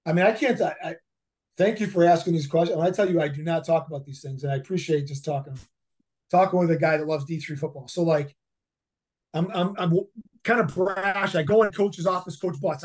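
A man's voice: on the high side, fairly quick, darkish tone. A man in his fifties, a head football coach, telling stories in a casual interview, rambling with many fillers and repeated words. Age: 50s.

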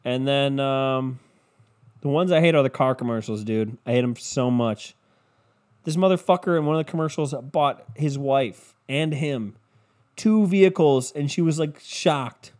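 A man's voice: mid-range voice, a little slow, a little mellow. A man hosting a podcast on his own, ranting casually and profanely in a loose, comedic style. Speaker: podcast host.

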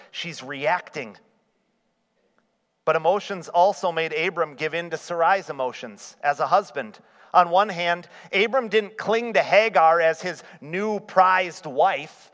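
A man's voice: fairly high pitch, a bit bright. Preaching man in a reverberant hall. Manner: rhetorical questions to the congregation. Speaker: pastor. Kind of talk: sermon.

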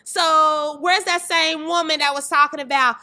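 A young woman, a fitness trainer sharing a candid faith testimony, telling it in a lively way with acted-out voices and exclamations. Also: sits high, measured pace. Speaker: fitness trainer and dance tour organizer.

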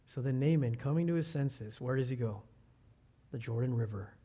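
A man preaching a sermon as a pastor, telling a story and asking the congregation questions, swinging between loud exclamations and quiet low asides. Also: moderate pace, husky.

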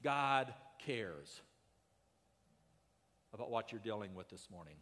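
A man's voice: lowish voice, expressive, slow, a bit bright, long reverb tail. A man preaching a sermon in a conversational way that rises to urgent emphasis. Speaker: pastor.

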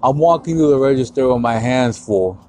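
A man's voice: mid-range voice, expressive, brisk, a little mellow. Profane, heated male podcast ranter. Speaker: podcast host. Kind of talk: casual podcast rant.

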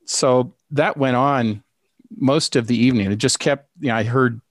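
A man's voice: mid-range voice, no echo, clean studio sound. Man rambling through a casual anecdote. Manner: rambling, halting, lots of fillers and restarts. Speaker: storyteller recounting a ghost experience.

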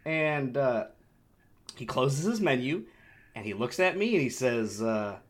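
A young man with an animated delivery, casually telling a story on a podcast, swearing freely and acting out the voices of the people in it. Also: mid-range voice, a little slow. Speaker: podcast co-host.

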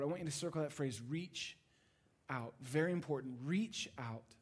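A man preaching a sermon, moving between animated passages and hushed, intimate ones. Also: on the high side, normal speed, slightly rough. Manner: dynamic preaching, swings from loud to hushed. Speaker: pastor.

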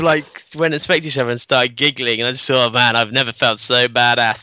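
A man on a podcast telling a story in casual chat, animated, acting out the dialogue and laughing often. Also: medium pitch, fast, few pauses.

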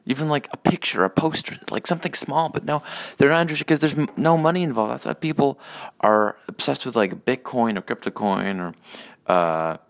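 A man's voice: medium pitch, a little fast, gravelly. A man hosting a casual solo rant podcast, rambling and profane with many hesitations. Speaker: podcast host.

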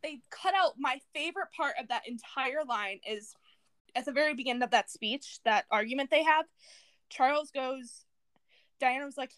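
Blunt, opinionated young podcast co-host with a Southern accent; high, bright tone. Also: female voice, moderate pace, dry recording. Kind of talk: casual chat.

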